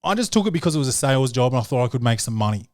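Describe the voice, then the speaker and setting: An Australian man talks casually as a podcast host, rambling through a story with constant fillers and a lot of swearing. His voice sits at an ordinary middle pitch for a man. The recording is dry and close, with no room sound. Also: very animated, racing, no echo.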